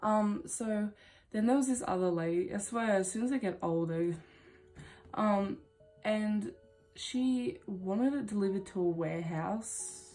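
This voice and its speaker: A woman's voice: medium pitch, unhurried, mellow, faint music behind. A woman vlogger telling stories in a casual, rambling way, laughing often and swearing casually. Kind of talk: casual storytime monologue.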